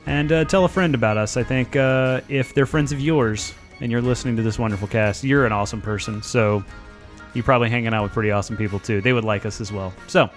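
A laid-back man co-hosting a casual podcast, telling stories and reading the outro. He talks loosely and swears freely. Faint music plays quietly behind him. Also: medium pitch, fast. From North Texas. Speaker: podcast co-host.

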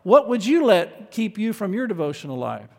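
A man preaching a sermon in an earnest way, moving from quiet asides to loud emphatic lines. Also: high voice, very animated, normal speed, vocal fry, long reverb tail.

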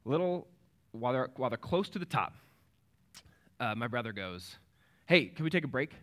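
A pastor in his thirties preaching a sermon in a relaxed, conversational way. He tells a family story and acts out the people in it, rising loud and excited, then dropping soft and low. His voice sits at an ordinary male pitch. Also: normal speed.

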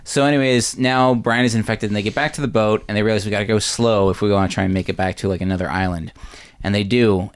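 A man co-hosting a podcast, giving a rambling, animated recap of a horror film. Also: fairly low pitch, fast, clear, resonant tone. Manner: rambling, animated retelling with quoted voices. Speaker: podcast co-host. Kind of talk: casual movie recap.

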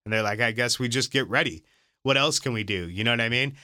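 Talking fast in a sharp, medium-pitched voice, this man co-hosts a podcast in casual conversation. He rambles, full of fillers and restarts, and the studio-quality audio has no echo.

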